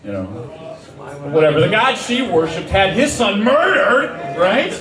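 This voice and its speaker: A middle-aged man doing a stand-up set in a small dive bar, talking in a rambling, self-deprecating way with halting restarts. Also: high voice, sing-song, far from the mic, music in the background. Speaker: stand-up comedian. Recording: roomy bar sound from off-mic with audience. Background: crowd laughter.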